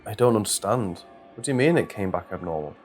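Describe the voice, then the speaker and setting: A man's voice: fairly low pitch, lively intonation, quick pace, a little mellow, faint music behind, natural voice. A man voicing a worried, hesitant woman on the phone in a horror story reading. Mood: uneasy. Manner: hesitant, confused. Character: worried woman caller, Mrs Johnson.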